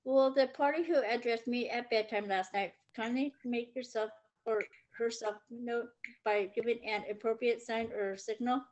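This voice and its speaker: Woman doing a high, earnest young storybook pig, eager and polite. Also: fairly even intonation, moderate pace, darkish tone, highs cut off, lightly acted.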